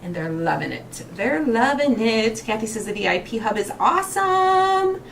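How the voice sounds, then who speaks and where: Brief: gushing, chatty craft-show host woman in her forties, a bit high-pitched, faint hiss. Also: sing-song, normal speed, creaky. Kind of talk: casual livestream chat while crafting.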